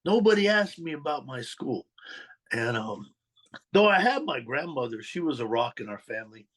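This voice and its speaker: A man's voice: medium pitch, moderate pace. A man as an interview guest, telling his past as a story and acting out the dialogue. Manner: animated, acts out quoted dialogue. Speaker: interview guest, former mob associate.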